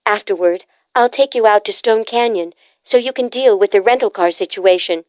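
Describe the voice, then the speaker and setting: A woman voicing a brisk, bossy adult sister in an audiobook, teasing and insistent. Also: mid-range voice, dry recording, highs cut off, natural voice. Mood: breezy, insistent. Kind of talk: audiobook character voice.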